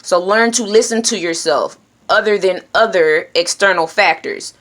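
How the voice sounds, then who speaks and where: A woman talks straight to her listeners in a motivational monologue. She is blunt and preachy, and she checks in with a questioning "hmm?" between points. Her voice sits at an ordinary middle pitch. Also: moderate pace, a bit bright. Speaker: self-help speaker.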